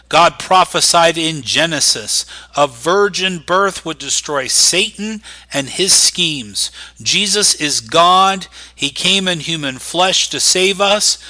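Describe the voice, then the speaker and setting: A male preacher delivering a sermon with a bright, forceful voice that sits a little high for a man. He talks emphatically, rising loud and high on key words, then dropping low and soft.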